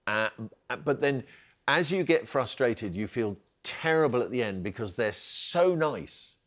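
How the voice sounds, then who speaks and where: A man's voice: mid-range voice, animated, measured pace, fairly bright tone. A man hosting a studio panel chat who keeps the talk moving with jokey questions. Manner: jokey, steers the conversation with questions. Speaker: talk show host.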